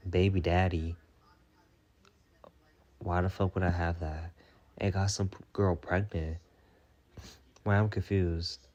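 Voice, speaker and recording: In a muffled recording, a young man with a deep, slightly mellow voice hosts a comedic storytime monologue. He's sassy and profane, rambling with plenty of "like" as he answers viewer questions.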